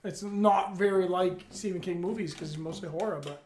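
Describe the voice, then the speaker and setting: A man co-hosting a podcast, excitable and swearing freely in casual chat. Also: high voice, brisk, a little hiss or hum. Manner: excitable, swears, laughs often. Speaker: podcast co-host. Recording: echoey room.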